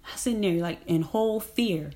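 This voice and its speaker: A woman's voice: on the low side, fairly quick, mellow. A woman talking in a casual, rambling monologue. She is emphatic and slangy, laughs often, and repeats herself.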